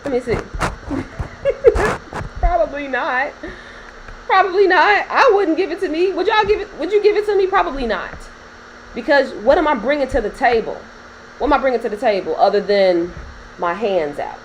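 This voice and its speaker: A woman's voice: high voice, animated, brisk, dull audio, slight background noise. A woman coaching on business credit in a casual talk to camera, chatty and laughing often as she addresses viewers directly.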